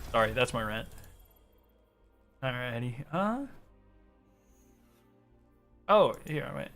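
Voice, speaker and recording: A man chatting casually on a gaming stream, excitable and ranting with plenty of swearing. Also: medium pitch, extremely slow, long pauses, soft background music.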